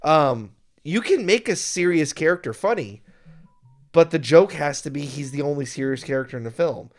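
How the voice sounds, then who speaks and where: A man co-hosting a casual film review chat, talking in an animated way and sometimes acting out scenes. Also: fairly high pitch, moderate pace, faint music behind. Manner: animated, acts out scenes in exaggerated voices. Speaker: podcast co-host reviewing films.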